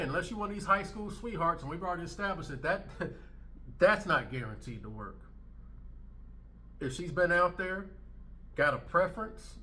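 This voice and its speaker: A man with a bright, forceful voice sitting a touch high for a man delivers commentary on clips he is playing. He talks bluntly and emphatically, circling back to the same lines again and again to drive them home. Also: slight background noise. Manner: blunt, emphatic, repeats his points. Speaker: commentary channel host.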